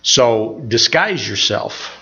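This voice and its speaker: An older man preaches at a mid pitch, wandering off into folksy personal stories and often restarting his sentences. The recording sounds a little dull and lo-fi. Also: expressive, slow, sharp tone. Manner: rambling, folksy storytelling with many restarts. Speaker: pastor. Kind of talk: informal sermon with personal stories.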